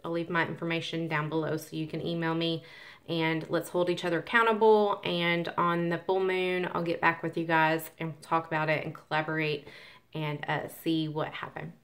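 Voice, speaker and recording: In a low-pitched, fairly bright voice with little pitch movement, a spiritual vlogger speaks to camera about manifestation at a moderate pace. She rambles casually, full of ums and false starts, and imitates tired workers grumbling.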